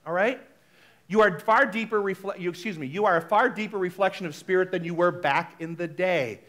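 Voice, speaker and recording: Male minister, high voice, chatty conversational preaching, animated. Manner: chatty, frequently asks the congregation "right?"; animated, shifts between loud exclamations and soft asides. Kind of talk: conversational sermon.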